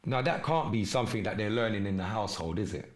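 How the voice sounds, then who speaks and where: A man's voice: on the low side, lively intonation, quick pace. Impassioned man preaching on a livestream. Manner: preachy, urgent street-slang delivery. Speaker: live stream podcast host. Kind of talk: impassioned livestream monologue with chat shout-outs.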